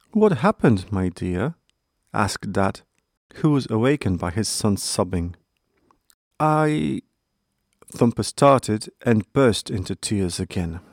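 Slow, low-voiced male storyteller. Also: dry recording, studio quality. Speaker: narrator. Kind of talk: children's bedtime story narration.

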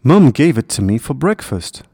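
A man voicing a cheerful, giggly young female squirrel who sounds bright and friendly. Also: medium pitch, wildly swooping pitch, normal speed, dry recording, studio quality.

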